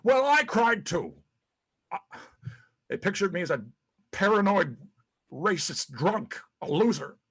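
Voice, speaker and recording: A man's voice: high-pitched, very animated, measured pace, pauses often, a bit bright, husky, heavily acted. A man playing a disgraced, paranoid ex-president in a one-man stage monologue, profane and rambling, stammering between bluster and self-pity. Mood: bitter, self-pitying. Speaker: actor in a one-man play. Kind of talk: live-streamed stage monologue.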